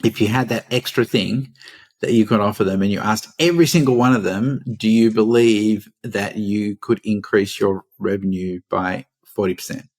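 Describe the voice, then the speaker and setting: A man's voice: lowish voice, fairly even intonation, normal speed. Aussie guy on a podcast, teasing and laughing, just chatting. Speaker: podcast co-host. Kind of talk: casual podcast chat.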